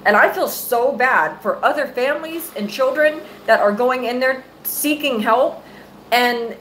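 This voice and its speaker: A woman's voice: sits high, unhurried, a bit bright, slight background noise, low-quality recording. A middle-aged woman, a mother, angrily venting to her viewers on a live stream, cursing freely and close to her phone mic. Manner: angry, profane, venting.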